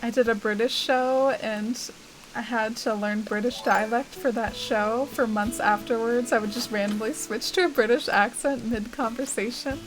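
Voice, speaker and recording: Chatty young woman streamer, slightly high. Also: steady tone, normal speed, music in the background, poor audio. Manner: chatty, rambling, heavy use of "like" and "uh". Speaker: live game streamer reading chat. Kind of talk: casual chat while playing.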